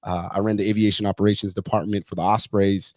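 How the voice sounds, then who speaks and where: Speaking quickly in a level tone, a podcast host with a lowish voice tells blunt, casual stories packed with swearing. He acts out other characters' voices along the way, and the recording is dry.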